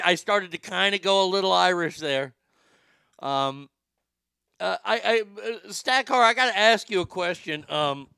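A crude, mocking man ranting through his commentary, stumbling over repeated words as he goes. His voice is high and bright with a gravelly rasp, and it sounds smooth and dry. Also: dry recording. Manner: crude, mocking, stammering restarts. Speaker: commentary podcast host.

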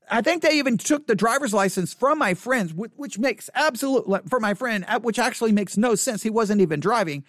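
A pastor preaching, who tells a story with animated emphasis and rises to indignant conviction. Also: medium pitch, no echo, clean studio sound. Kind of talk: sermon.

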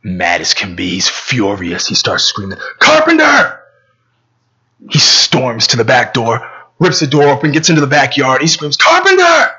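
Raspy-voiced preacher telling a story. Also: male voice, mid-range voice, moderate pace, sharp tone, muffled recording. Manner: conversational, stammering repeats, dramatic. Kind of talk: sermon storytelling and prayer.

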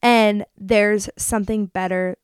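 Young woman chatting candidly, clear voice. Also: mid-range voice, steady tone, slow pace, dry recording, studio quality. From New Jersey. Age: young adult. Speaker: podcast host. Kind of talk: casual confessional monologue.

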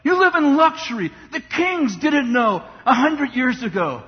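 High-pitched impassioned male preacher in a hall. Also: very animated, unhurried. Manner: impassioned preaching, mocking voices for complainers. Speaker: pastor. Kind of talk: sermon. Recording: dull sound in a long-reverb hall.

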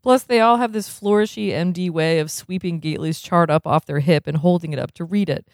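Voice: mid-range voice, fairly quick, no room sound, studio quality. A reader reading a novel aloud, chuckling often and breaking off for casual comments.

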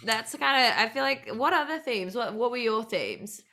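A woman around thirty, co-hosting a podcast in animated casual chat, swearing freely. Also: on the high side, normal speed, a crowd in the background. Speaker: podcast co-host.

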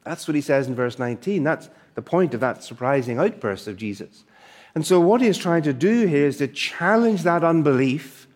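A man's voice: a little high, a little mellow. A male preacher giving a sermon, emphatic and fond of rhetorical questions and asides.

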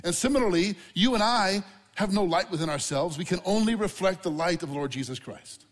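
Man, preacher, slightly high voice, conversational sermon, reverberant sanctuary. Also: a little fast. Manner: animated, conversational preaching with asides to the congregation. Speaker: pastor.

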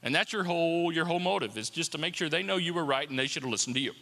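Bright-voiced preacher man in a reverberant hall. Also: on the high side, lively intonation, very fast, gravelly. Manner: conversational preaching, repeats rhetorical questions. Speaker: pastor. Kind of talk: sermon.

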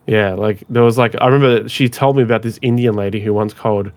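A man's voice: lowish voice, fairly even intonation, fast. A man co-hosting a podcast over a call, chatting casually and rambling with lots of "like". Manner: rambling, heavy use of "like". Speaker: podcast co-host. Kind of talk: casual chat. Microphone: remote call mic.

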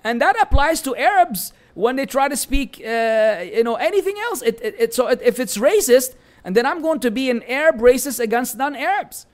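Man, Lebanese Arabic accent, high voice, live Q&A teacher, animated, teasing. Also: normal speed. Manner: animated, bantering, frequent Arabic phrases, searches for words. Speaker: Islamic teacher answering viewer questions. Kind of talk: live-stream Q&A reading chat comments.

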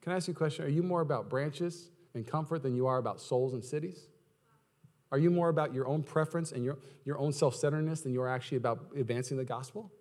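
Talking fast, a male pastor delivers his sermon in a conversational way, asking his audience question after question. His delivery lurches from quiet, low passages to loud, high-pitched bursts.

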